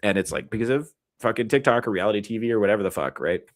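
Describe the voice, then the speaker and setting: A man in his thirties with a lowish voice, talking loosely to his live chat like a comedian on a late-night stream. He rambles, swears freely and drops into quick mock quotes to make his point. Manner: profane, rambling and animated, breaking into mock quotes. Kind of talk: casual rant to a live chat.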